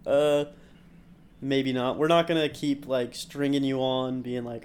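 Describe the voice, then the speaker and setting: A man's voice: mid-range voice, flat delivery, unhurried, a little mellow. A man co-hosting a fighting-game podcast in casual chat, chatty, swearing freely and restarting his sentences. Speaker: podcast co-host.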